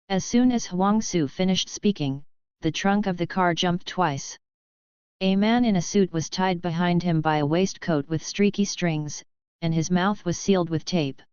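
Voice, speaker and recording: Brief: steady woman audiobook narrator, low-ish pitch, muffled lo-fi sound. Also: normal speed, smooth, no room sound. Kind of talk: scripted narration.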